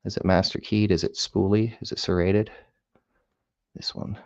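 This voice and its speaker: A man with a low, gravelly voice talks his way through picking a lock, dropping to mutters and whispers aimed at the pins and swearing when they fight back. The sound is dry and close with no room around it. The audio is a little dull and lo-fi, like a basic camera mic. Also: fairly even intonation, normal speed, darkish tone, dry recording. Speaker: hobbyist lock picker. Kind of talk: casual talk-along while lock picking.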